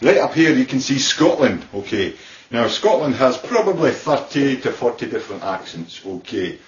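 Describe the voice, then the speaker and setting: British man, comic monologue, deadpan asides, lively voice, roomy distant dull sound. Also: mid-range voice, moderate pace. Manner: deadpan asides, keeps saying "okay". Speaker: comedian. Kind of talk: comic monologue touring accents.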